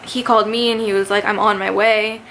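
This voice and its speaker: A young woman in her twenties chats to camera, animated and full of fillers as she tells her story. Her voice sits at a middling pitch for a woman. A faint hiss runs under the recording. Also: a little fast. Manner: chatty, animated, lots of fillers. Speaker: vlogger.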